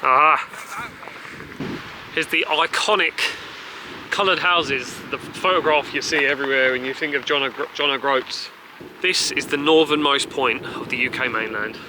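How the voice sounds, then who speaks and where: A man chatting casually and excitedly to camera as a travel vlogger, driving and walking about. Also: mid-range voice, normal speed, background noise. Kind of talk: casual travel vlog chat. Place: in a car and outdoors.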